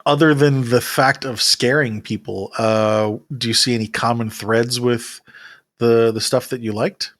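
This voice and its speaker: A man hosting an interview podcast, asking relaxed, reflective questions. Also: mid-range voice, unhurried. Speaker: host, interviewer. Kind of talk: casual interview.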